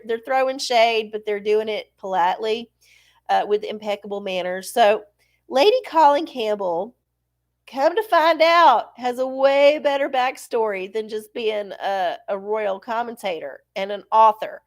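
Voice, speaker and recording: A woman hosting a live stream, chatting casually in a blunt, profane, rambling way. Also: fairly high pitch. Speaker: host of a live oracle stream. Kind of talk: casual livestream chat.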